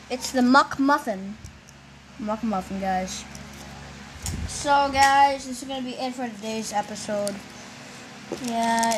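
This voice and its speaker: High-voiced woman, dramatically disappointed. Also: slight background noise, poor audio. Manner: dramatically disappointed, whiny outbursts. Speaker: toy unboxing vlogger. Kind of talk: casual unboxing commentary.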